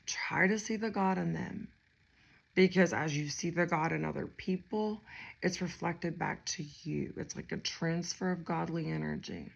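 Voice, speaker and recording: A woman talks her viewers through a spiritual tarot reading in a loose, rambling way, full of fillers and easy laughs. Her voice sits a little low and has a gravelly fry to it. The recording is somewhat dull and lo-fi. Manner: chatty and rambling, many fillers, laughs often. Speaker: tarot reader.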